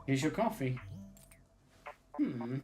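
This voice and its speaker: A man's voice: mid-range voice, slow. Laid-back male game streamer. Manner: relaxed, chatty, talks to the game. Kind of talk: casual gameplay commentary and reading aloud. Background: game music.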